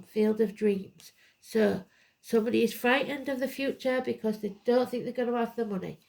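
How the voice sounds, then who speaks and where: A woman's voice: a little high, normal speed, creaky, darkish tone. A woman giving a live tarot card reading, blunt and emphatic, drifting into rambling asides. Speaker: tarot reader.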